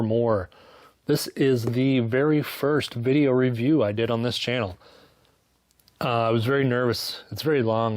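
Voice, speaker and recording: A man's voice: mid-range voice, no echo. A man giving a casual, sarcastic book review, swearing freely and tossing in mock-voiced asides. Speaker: book reviewer, channel host.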